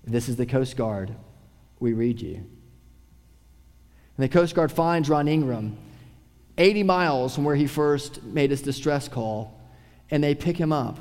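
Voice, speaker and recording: A man preaching a sermon, swinging from a raised voice to hushed, quiet tones. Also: on the high side, in a large hall. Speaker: pastor.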